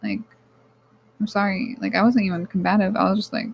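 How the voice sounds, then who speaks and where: A woman's voice: mid-range voice, steady tone, brisk, creaky, a little hiss or hum, rough recording. A woman hosting her own podcast, talking candidly and rambling, swearing freely and addressing listeners as guys, close to tears. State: near tears. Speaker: podcast host. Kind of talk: personal podcast monologue.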